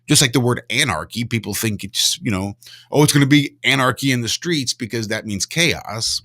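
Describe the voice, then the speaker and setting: A man's voice: mid-range voice, a bit bright, no room sound, clean studio sound. Fired-up man ranting on a podcast. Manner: heated, swears, ranting. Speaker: podcast co-host. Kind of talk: casual chat.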